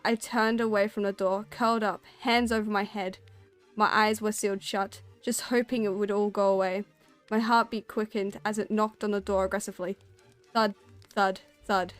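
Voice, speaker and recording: A woman's voice: medium pitch, little pitch movement, normal speed, faint music behind. A woman streamer reading a spooky story aloud and chatting with her audience. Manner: storytelling, then chatty and self-conscious.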